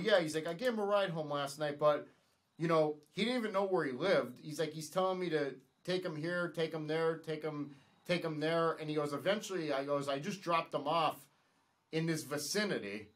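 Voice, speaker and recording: A man's voice: on the high side, a little fast, a bit bright. Rambling man retelling a wild night. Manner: rambling, retells dialogue with lots of "he's like" and "I'm like". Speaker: podcast guest. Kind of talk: casual storytelling.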